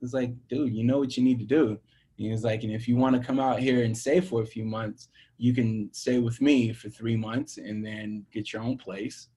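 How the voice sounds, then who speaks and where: Young man from the American South, musician guest. Animated storyteller, middle pitch. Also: normal speed. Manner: animated storyteller, acts out quoted dialogue, laughs often. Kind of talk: storytelling interview.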